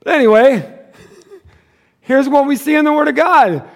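A middle-aged male pastor preaching a sermon, joking and animated, then dropping to a hushed, earnest tone. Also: extremely high pitch, unhurried, vocal fry.

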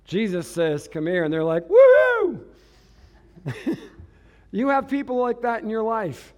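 A man preaching a sermon to his church, swinging from hushed, intimate lines to loud, dramatic shouts and often laughing as he talks. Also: high-pitched, animated, measured pace. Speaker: pastor.

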